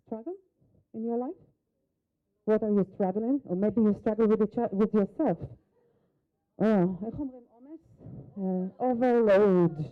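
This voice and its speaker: A woman's voice: mid-range voice, moderate pace, narrow, tinny audio. A woman whose first language is Hebrew leads a live workshop demonstration. She coaches a volunteer with short instructions and questions. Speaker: workshop facilitator. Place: conference hall.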